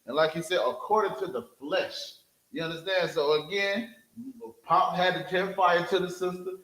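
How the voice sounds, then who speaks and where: A man's voice: sits high, normal speed, roomy sound, poor audio. A man teaching scripture, calling for verses from a reader and asking "you understand?" again and again. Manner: calls for verses, repeats "you understand?", animated. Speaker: street preacher teaching scripture.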